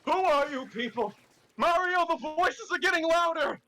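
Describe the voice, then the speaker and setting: A man joking loudly during a comedic live-stream reading. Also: very high voice, moderate pace. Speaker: voice actor reading a part.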